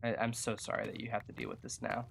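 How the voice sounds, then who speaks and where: A gaming streamer giving casual live commentary while playing, chatty, jokey and quick to poke fun at themselves. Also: medium pitch, big pitch swings, gravelly, a little hiss or hum. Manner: chatty, self-mocking and jokey.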